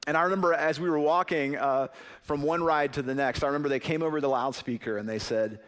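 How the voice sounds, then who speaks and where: A man's voice: fairly high pitch, fast, a bit bright, clean tone. A man in his thirties preaching a sermon as a pastor, telling stories in a conversational way with frequent "right?" asides.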